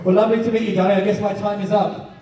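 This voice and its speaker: A man's voice: high voice, level tone, racing, very noisy. A man answering fan questions at a convention panel, joking and laughing often. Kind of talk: casual panel Q&A with fans. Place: large convention hall. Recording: echoey hall, picked up from far off.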